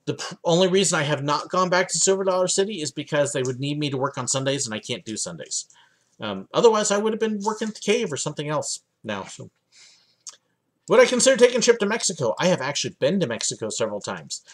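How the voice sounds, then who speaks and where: A man's voice: on the high side, very animated, fast. A young man from the United States hosting a livestream Q&A from his home office, chatting casually with lots of ums and uhs. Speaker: livestream host answering viewer questions.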